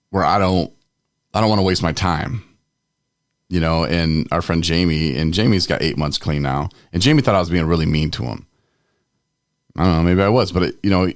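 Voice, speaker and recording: Podcast co-host, young adult man, deep voice, dry close sound, candid storyteller who acts out quotes. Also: dry recording. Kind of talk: casual chat.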